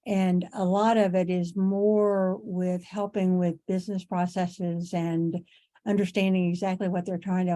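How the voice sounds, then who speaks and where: A middle-aged woman instructor with a darkish, somewhat low voice teaches an online class conversationally. She repeats herself for emphasis and clears her throat as her voice gives out.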